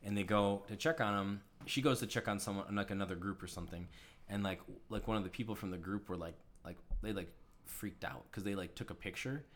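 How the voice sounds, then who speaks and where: A man's voice: on the low side, brisk. A man co-hosting a casual chat, chiming in and then retelling part of a story. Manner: chatty, chimes in with short reactions. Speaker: podcast co-host.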